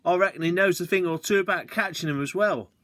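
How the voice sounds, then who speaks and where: A man's voice: high voice, quick pace, fairly bright tone, no room sound, voice pushed up. A man voicing a sly, toothless old male taxi driver and poacher who chuckles and talks in folksy country speech. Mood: fond.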